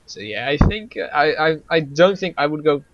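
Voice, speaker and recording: A man's voice: a little high, very animated, moderate pace, dry recording, lo-fi sound. A man co-hosting a casual gaming chat, rambling with stammers, restarts and frequent laughs. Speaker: gaming podcast co-host.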